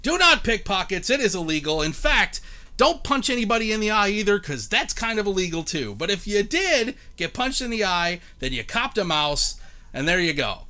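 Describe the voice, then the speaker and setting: Animated, bright-voiced male game show host. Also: high-pitched, moderate pace. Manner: playful, joking, chatty with viewers. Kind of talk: live-streamed game show hosting.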